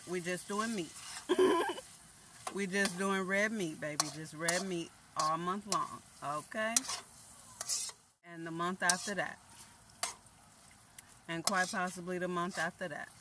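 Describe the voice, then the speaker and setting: Playful cooking vlogger over a sizzling pan. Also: medium pitch. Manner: playful, chatty, self-teasing. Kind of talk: casual chat while cooking. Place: home kitchen. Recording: noisy kitchen with frying sizzle. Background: sizzling pan and stirring.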